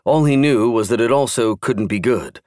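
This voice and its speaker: A man narrating a thriller audiobook in a steady, even storytelling manner. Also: medium pitch, moderate pace, no echo, clean studio sound. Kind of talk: scripted narration.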